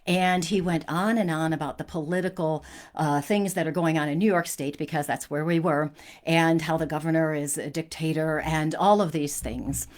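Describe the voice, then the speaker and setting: A woman's voice: deep voice, steady tone, normal speed. A woman hosting a spiritual talk, telling a personal story in an earnest, conversational way with frequent restarts.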